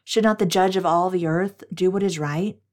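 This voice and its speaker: An older man pleads and bargains with God, humble and earnest, as a woman reads him in an audio scripture reading. The voice stays lowish and even, close to a plain reading tone. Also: normal speed, lightly acted. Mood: pleading.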